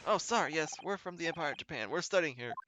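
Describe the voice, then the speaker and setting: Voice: mid-range voice, lively intonation, fast, noisy background, close to an everyday voice. A streamer voicing a polite young law student who answers eagerly and apologetically. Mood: flustered.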